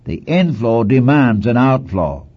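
A man's voice: mid-range voice, very animated, measured pace, slightly rough. A man preaching a sermon in an earnest, exhorting manner, repeating phrases for emphasis, on a dull lo-fi recording.

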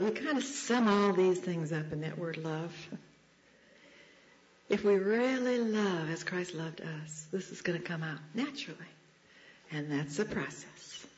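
A speaker giving a devotional talk in chapel, telling stories at a shifting pace. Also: medium pitch. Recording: slightly dull lo-fi recording.

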